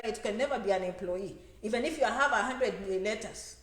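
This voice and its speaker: A woman giving a lively motivational talk on immigration to an audience. She acts out quoted voices and repeats phrases for emphasis. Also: medium pitch, fairly quick, few pauses. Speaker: immigration advisor and speaker. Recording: echoey room.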